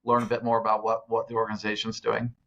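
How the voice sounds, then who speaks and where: A man from the US East Coast, a guest on an interview podcast, telling stories in a relaxed way with many fillers and restarts. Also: lowish voice, quick pace, creaky, muffled recording. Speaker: guest, nonprofit CEO. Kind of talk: casual interview talk.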